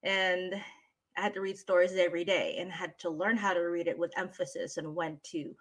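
A woman's voice: lowish voice, normal speed. A woman from the Philippines, a former teacher turned voice talent, chatting expressively as a guest in an interview. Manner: animated storyteller, expressive. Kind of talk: casual interview chat.

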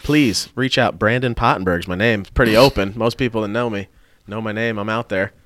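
A man's voice: on the low side, a little fast, no room sound. A man telling a story in a casual podcast chat, swearing freely and acting out what other people said. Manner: animated storytelling, swearing, acting out quoted voices. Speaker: body shop worker telling a story.

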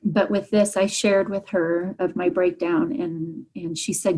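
A woman telling her personal story as an interview guest, earnest and halting, with many fillers and restarts. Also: lowish voice, fairly even intonation, dark tone, poor audio. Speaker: guest, parent.

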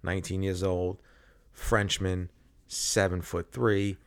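A man's voice: deep voice, flat delivery, takes it slowly. A man hosting a podcast, chatting casually and playfully about celebrity gossip. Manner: playful, teasing. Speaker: podcast host.

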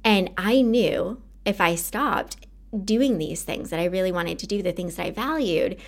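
A woman's voice: lowish voice, unhurried, gravelly. A woman hosting a podcast, talking earnestly and casually about her own experience, with many fillers like "like". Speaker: podcast host. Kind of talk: casual personal podcast monologue.

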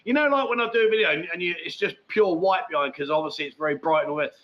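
A man's voice: fairly high pitch, rapid-fire, highs cut off. A man hosting a casual live chat show, rambling and matey as he answers viewer comments. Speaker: livestream host.

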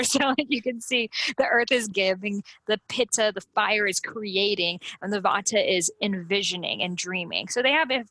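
A woman teaching Ayurveda as a podcast guest, animated in conversation and slipping into quick character voices. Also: medium pitch, no echo.

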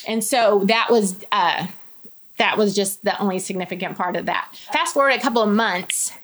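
A woman's voice: medium pitch, a bit bright. A woman, telling a personal story as an interview guest in a candid, chatty way with many quoted asides. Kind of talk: personal testimony in casual conversation.

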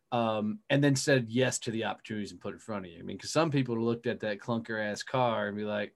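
A man's voice: mid-range voice, fairly quick, hardly any pauses. A man hosting a podcast, chatting casually with a guest, swearing freely and rambling through his thoughts. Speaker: podcast host. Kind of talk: casual interview chat.

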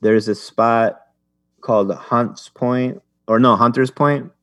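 A man's voice: mid-range voice, steady tone, takes it slowly, no room sound. Rambling young man, dry close sound. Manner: rambling storyteller, many restarts and fillers. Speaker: podcast guest. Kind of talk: casual chat.

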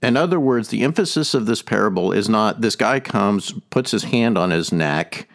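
A low, gravelly male voice with a lively, rising and falling delivery. He hosts a podcast and teaches earnestly, circling back to stress his main point again and again. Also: moderate pace. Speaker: podcast host. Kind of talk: teaching talk on a faith topic.

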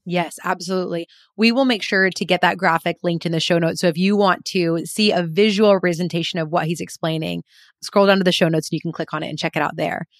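A woman's voice: lowish voice, steady tone, fast talker, dry recording, clean studio sound. A woman hosting a podcast interview, prompting her guest and reflecting on his answers. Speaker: podcast host.

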